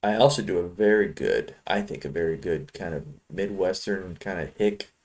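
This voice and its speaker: Chicago guy trading live, kinda low voice, chatty and rambly. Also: moderate pace, a little mellow. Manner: rambling, chatty, talks to viewers between trades. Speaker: futures trading streamer. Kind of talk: casual live-trading commentary.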